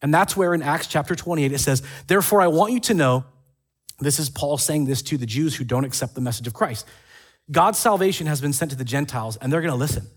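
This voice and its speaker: Lively pastor retelling Bible stories. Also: male voice, fairly high pitch, fast talker, husky. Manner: animated storytelling with acted quotes and asides. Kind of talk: casual sermon retelling scripture.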